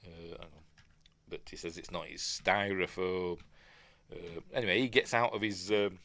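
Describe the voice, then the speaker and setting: A man's voice: sits low, steady tone, normal speed, a bit bright, no echo. A man with a Yorkshire accent casually breaking down a film, rambling and digressing with lots of fillers. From Yorkshire, England. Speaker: film reviewer.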